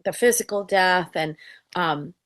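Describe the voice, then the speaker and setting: A woman's voice: lowish voice, measured pace, a bit bright. A woman in casual chat, telling a story and acting out the people she quotes. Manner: storytelling, acts out quoted voices. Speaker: co-host.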